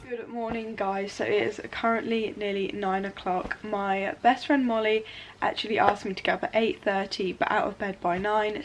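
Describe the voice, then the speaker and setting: A woman's voice: medium pitch, fairly bright tone, a little hiss or hum, poor audio. A young woman, chatting casually to camera in a vlog and using plenty of fillers. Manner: chatty, filler-heavy, lots of "literally" and "like". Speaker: vlogger.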